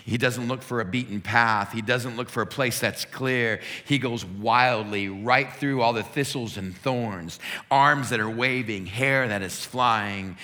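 A man's voice: mid-range voice, a little slow, pushed and bright, big-room sound. A man preaching a sermon, retelling a scene in vivid, dramatic detail. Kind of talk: sermon storytelling.

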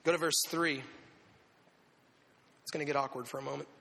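A man preaching a sermon to young people, animated and conversational, acting out little quotes as he goes. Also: on the high side, fairly quick, vocal fry. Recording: long echoing hall reverb.

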